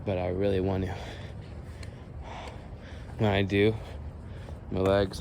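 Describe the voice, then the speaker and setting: A man's voice: low voice, completely flat delivery, unhurried, pauses often. A man vlogging while he walks and jogs outdoors, out of breath, rambling and humming made-up lyrics. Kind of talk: casual walk-and-talk vlog. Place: outdoors, walking and jogging. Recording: noisy outdoor ambience.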